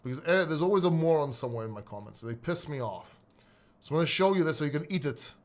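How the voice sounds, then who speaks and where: A man's voice: fairly high pitch, lively intonation, fast talker. A middle-aged man from Greece, a crypto video host, talking casually and bluntly, swearing and rambling with restarts. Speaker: crypto YouTuber. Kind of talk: casual solo video talk.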